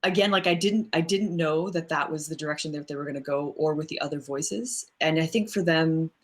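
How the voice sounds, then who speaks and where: A woman voice actor answering interview questions in a relaxed, thoughtful way, with many fillers and frequent laughs. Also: low-pitched, a little fast. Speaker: voice actress guest. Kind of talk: casual interview chat.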